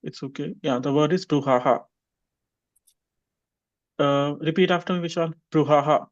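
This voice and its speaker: A man's voice: on the high side, moderate pace. Man teaching English pronunciation, slightly muffled call. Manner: questions students by name, drills repetition. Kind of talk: online class teaching.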